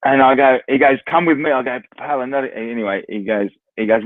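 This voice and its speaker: This Australian man, once a footballer, shares anecdotes as a guest in a casual, storytelling way, repeating himself and acting out others' lines. His mid-range voice is brisk with hardly any pauses, heard through narrow, tinny audio without echo.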